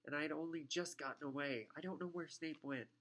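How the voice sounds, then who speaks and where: A man reading an audiobook, voicing a clever, anxious young schoolgirl in a raised, quick voice. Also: a bit bright. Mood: upset. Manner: high and quick, wailing when upset.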